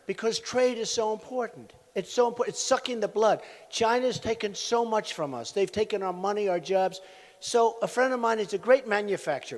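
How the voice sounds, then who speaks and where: A man in his sixties speaks from a podium at a large rally, with a rather high pitch for a man. He rambles through anecdotes, repeats himself and throws asides to the crowd. The hall leaves a long, echoing tail on his voice. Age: 60s. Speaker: presidential candidate at a campaign rally. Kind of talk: campaign rally speech. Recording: echoey hall sound from a rally venue.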